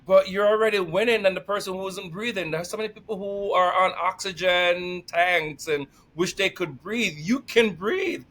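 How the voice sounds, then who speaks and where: Energetic higher-voiced man, emotional. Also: normal speed, few pauses. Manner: energetic, emotional, laughs often. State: tearful. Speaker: podcast guest. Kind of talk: casual conversation.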